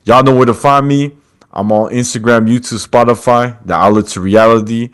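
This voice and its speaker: A man's voice: medium pitch, fairly even intonation, moderate pace. A man hosting a podcast over a video call, retelling a story with quoted lines and calling his guest brother. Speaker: podcast host. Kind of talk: casual storytelling chat.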